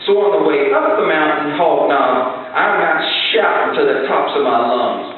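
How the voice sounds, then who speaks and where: Folksy storyteller man in a booming hall. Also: moderate pace. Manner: folksy, animated delivery with shouted recitations. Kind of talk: storytelling to a live audience. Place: large hall with live audience. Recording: distant echoey hall, phone-like sound, faint hiss.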